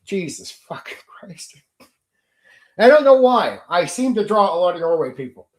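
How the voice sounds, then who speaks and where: A man's voice: high voice, sing-song, moderate pace, roomy sound. A middle-aged man hosting a casual live chat, venting bluntly and swearing heavily. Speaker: channel host. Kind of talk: casual ranting livestream chat.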